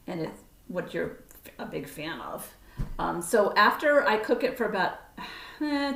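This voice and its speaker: Woman cooking instructor, casual and chatty, talks to herself as she cooks; roomy kitchen, mic a little far off. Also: medium pitch. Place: home kitchen. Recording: roomy kitchen sound from a distant camera mic.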